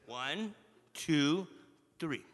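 Animated man preaching in a reverberant hall. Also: on the high side. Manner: animated, drawn-out emphatic build-ups. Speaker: church speaker. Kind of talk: inspirational church talk. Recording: long reverb of a large hall.

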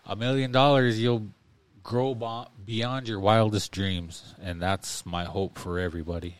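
A man's voice: fairly low pitch, fairly even intonation, measured pace. A man co-hosting a podcast in casual chat, rambling with lots of fillers and speaking in an earnest, encouraging way. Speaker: podcast co-host.

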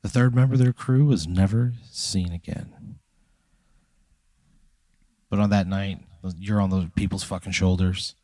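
A man with a very low voice narrates a tall hypothetical tale with mock gravity, addressing his listener as "you". He builds the scene deliberately on a comedy podcast. The recording is dry and close. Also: steady tone, mellow, no echo. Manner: spins a dramatic second-person hypothetical. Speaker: podcast co-host. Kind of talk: comic storytelling.

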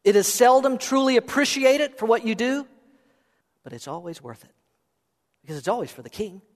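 High-voiced pastor preaching in a hall. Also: male voice, sing-song, moderate pace. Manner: conversational, playful preaching with rhetorical questions. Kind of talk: sermon. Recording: reverberant hall sound.

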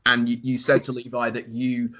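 A man's voice: mid-range voice, completely flat delivery, pushed and bright, highs cut off. A man from the United Kingdom hosts a casual podcast interview, often repeating words as he works into his questions. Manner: halting, repeats words when starting questions. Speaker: podcast host.

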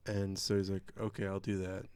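A man's voice: low voice, brisk, smooth, no room sound, studio quality. A man co-hosting a podcast, ranting sarcastically about a movie in casual chat and mocking its characters. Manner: sarcastic, animated movie rant with mocking impressions. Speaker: podcast co-host.

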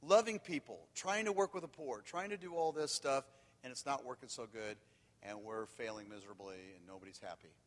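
A man preaching, telling candid stories that swing from loud and animated to quiet and hushed. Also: medium pitch, fairly quick. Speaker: pastor. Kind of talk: sermon. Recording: long hall reverb.

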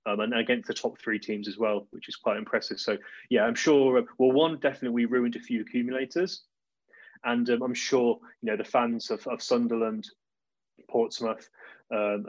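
Man, podcast guest, casual chat, rambling, monotone, muffled dry sound. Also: mid-range voice, no echo. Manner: rambling, many restarts and fillers. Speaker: podcast guest, club fan.

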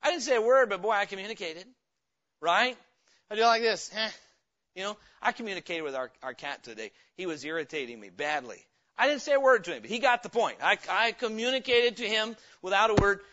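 A man's voice: high voice, expressive, fairly quick, sharp tone. A man preaching a sermon as pastor, in a folksy, conversational way with homespun stories, in a church. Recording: dull lo-fi sermon recording.

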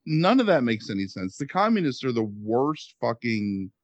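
A man co-hosting a podcast, sarcastic and animated in casual chat, mimicking voices for laughs. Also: medium pitch, normal speed, no echo, highs cut off. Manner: animated, sarcastic, mocking accents. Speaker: podcast co-host.

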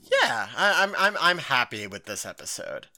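A young adult podcast co-host chatting casually, with a bright, sharp tone. The voice swings up and down a lot. The talk rambles, full of "like" and offhand swearing. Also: mid-range voice, sing-song, normal speed. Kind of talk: casual chat.

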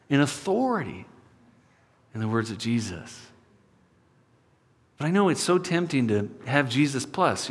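A male pastor preaching a sermon, telling a personal story and swinging from loud appeals to hushed asides. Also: fairly high pitch, slightly rough. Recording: long hall reverb.

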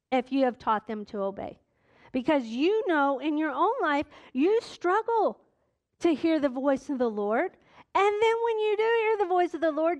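High-voiced woman pastor preaching. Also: darkish tone. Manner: earnest preaching with asides to the congregation. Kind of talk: sermon.

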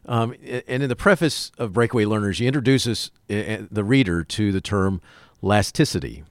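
A man's voice: fairly low pitch, brisk, no echo, clean studio sound. A man hosting an interview, chatty and enthusiastic as he asks questions. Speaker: interview host. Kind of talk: interview conversation.

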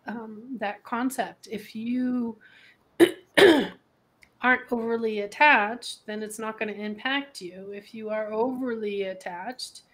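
A woman's voice: a little high, steady tone, slow pace, fairly bright tone. Thoughtful woman coach explaining. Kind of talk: casual chat.

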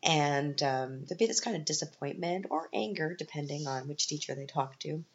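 A woman's voice: deep voice, animated, normal speed, highs cut off. A middle-aged Canadian woman telling rambling, wry stories on her podcast, with lots of ums and self-deprecating asides. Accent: Canadian English. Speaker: podcast host. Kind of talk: casual storytelling monologue.

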